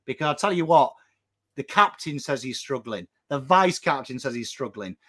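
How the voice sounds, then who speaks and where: An English man ranting as co-host of a football fan show, sweary and impassioned, swinging between shouting and low intensity. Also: expressive, normal speed. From England. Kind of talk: fired-up fan rant.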